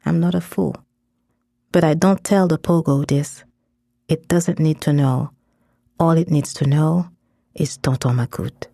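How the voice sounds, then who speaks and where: A woman reading first-person fiction aloud in a measured, intense storytelling manner on a close studio mic. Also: deep voice, fairly even intonation, creaky, mellow, no echo. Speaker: story narrator.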